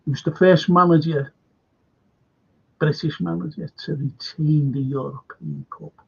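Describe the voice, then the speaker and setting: A man's voice: on the high side, steady tone, a little slow, creaky, breathy edge. An older man with a Liverpool accent, chatting casually as a show host and rambling through sweary anecdotes. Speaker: podcast host. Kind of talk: casual chat. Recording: dull lo-fi recording.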